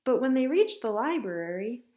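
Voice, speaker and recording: A woman teacher reading a picture book aloud to children, telling it in an expressive, unhurried way. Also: on the high side. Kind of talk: storybook read-aloud. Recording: echoey room.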